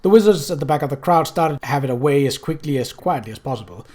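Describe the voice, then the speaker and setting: An even, mid-pitched reader telling a comic fantasy story in a dry, steady way. The reading moves along at an easy pace, with a stumble now and then. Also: fast. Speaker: audiobook reader. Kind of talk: audiobook reading.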